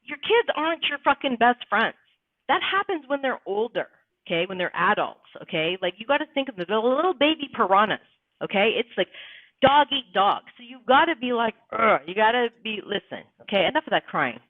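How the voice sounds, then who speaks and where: A woman's voice: on the high side, sing-song, a little fast, no room sound. A woman hosting a casual live-stream chat, talking bluntly and emphatically with plenty of swearing. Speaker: livestream host. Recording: tinny phone-like sound, dry.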